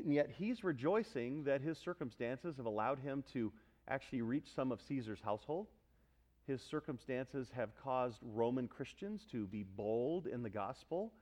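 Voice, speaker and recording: Delivering a sermon to his church, a man of medium pitch moves from emphatic, animated calls for the congregation's responses to quiet, earnest teaching. He is the pastor.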